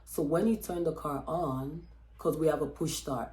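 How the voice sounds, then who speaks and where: Low-voiced woman telling a story in an echoey room. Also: moderate pace. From Texas. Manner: chatty and expressive, with many fillers and quoted dialogue. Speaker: vlogger. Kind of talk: casual storytelling vlog.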